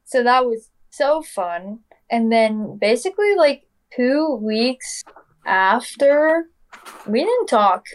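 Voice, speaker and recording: Young woman, casual storytelling, chatty, fillers like "like" and "literally", voice sits a bit high. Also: very animated, slow. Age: young adult. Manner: acts out quoted dialogue.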